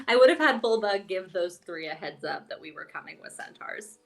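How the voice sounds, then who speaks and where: A woman playing in a tabletop game, speaking in a soft, offhand way. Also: medium pitch, expressive, moderate pace, gravelly, soft background music. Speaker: player.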